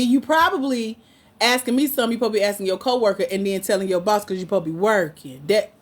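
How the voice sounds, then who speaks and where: A woman's voice: medium pitch, slight background noise. A woman coaching on grants, chatting casually on a livestream and teasing her viewers as she answers their comments. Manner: playful, teasing, talks back to chat comments.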